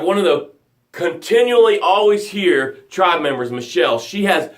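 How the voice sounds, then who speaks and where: A man hosts a live motivational show in a fairly high voice. He preaches with dramatic, energetic emphasis and chanted phrases. Now and then he slows and sinks to a near whisper to drive a point home.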